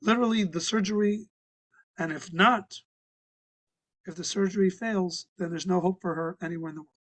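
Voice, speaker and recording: High-voiced rabbi telling a story. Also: male voice, steady tone, fairly bright tone, poor audio. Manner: conversational, halting with restarts and fillers. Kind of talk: sermon storytelling. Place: synagogue.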